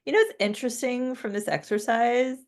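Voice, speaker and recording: A woman's voice: on the high side, fairly quick. An American woman co-hosting a podcast in casual, playful chat. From United States. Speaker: podcast co-host.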